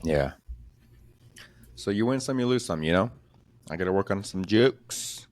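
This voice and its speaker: Deep-voiced young man, dry close mic. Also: expressive, no room sound. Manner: swearing, rambling storyteller doing quick voices of people. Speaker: podcast host and comedian. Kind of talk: casual chat.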